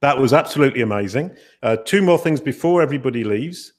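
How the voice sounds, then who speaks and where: A man's voice: mid-range voice, animated, fast talker, a little mellow. A man hosting a webinar over a video call, chatty and self-deprecating, often restarting his sentences. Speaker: webinar host. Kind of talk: casual webinar moderating.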